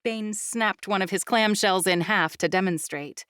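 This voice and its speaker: A woman narrating a fantasy audiobook in the first person, with steady storytelling. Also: mid-range voice, unhurried, hardly any pauses, no room sound, clean studio sound.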